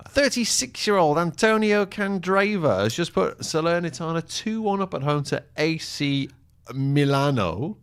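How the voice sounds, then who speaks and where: A man's voice: fairly high pitch, expressive, measured pace, clean tone. A man co-hosting a live football show, chatting casually and reacting to the action as it happens. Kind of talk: live in-play football chat.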